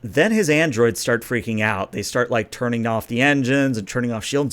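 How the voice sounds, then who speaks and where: A man running a tabletop game as game master, explaining rules and narrating in a relaxed, chatty way. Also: mid-range voice, moderate pace, few pauses.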